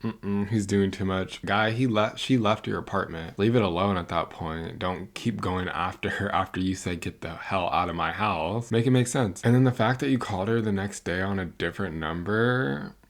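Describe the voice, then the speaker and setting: Low-voiced sassy woman commentator. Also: moderate pace, few pauses. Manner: blunt, sassy, exclaiming. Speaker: reaction video host. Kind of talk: casual reaction commentary.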